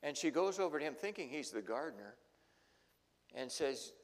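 A male pastor preaching a sermon, telling the story dramatically and swinging between loud and hushed. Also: fairly high pitch, sing-song, normal speed, pauses often. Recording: long hall reverb.

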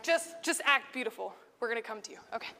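High-voiced woman teaching kids. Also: fast talker, long reverb tail. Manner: playful, animated, laughing often. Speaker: Bible class teacher. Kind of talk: acting out a Bible story with children.

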